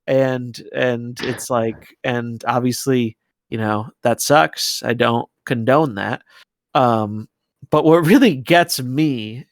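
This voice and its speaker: A man's voice: mid-range voice, slow, dry recording, clean studio sound. A man co-hosting a gaming podcast, talking loosely and conversationally and laughing often. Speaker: podcast co-host. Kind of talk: casual podcast chat.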